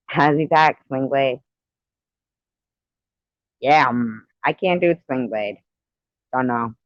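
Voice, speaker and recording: A man's voice: mid-range voice, slow pace, long pauses, no room sound, lo-fi sound. A man chatting with viewers on a live stream, giggly and meandering, often trailing off. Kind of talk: casual rambling chat.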